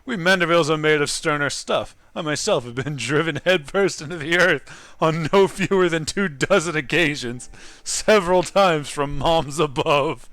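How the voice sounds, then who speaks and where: A man voicing a pompous, gallant gentleman adventurer from a game, reading his lines with grand, theatrical formal diction. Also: a little high, normal speed, no room sound. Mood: boastful.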